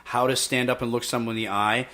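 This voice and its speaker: A man hosting a podcast and making his case in an emphatic, energetic way, often pausing on "okay". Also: mid-range voice. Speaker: podcast host and youth fitness instructor. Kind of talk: casual debate chat.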